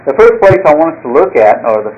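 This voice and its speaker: A man's voice: a little high, very animated, quick pace, darkish tone. A man preaching a sermon as pastor, folksy and earnest, opening with a joke story. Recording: slightly dull lo-fi sound.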